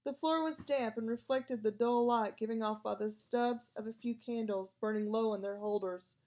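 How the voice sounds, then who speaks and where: A woman's voice: on the high side, normal speed, darkish tone, dull audio. A woman narrating a storybook aloud and voicing every part herself. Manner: reads all parts herself. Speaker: audiobook reader.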